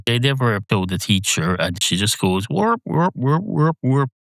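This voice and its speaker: A man's voice: fairly low pitch, fairly bright tone, dry recording. A man voicing an indignant, pedantic talking cat that argues at length. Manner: argumentative, long-winded.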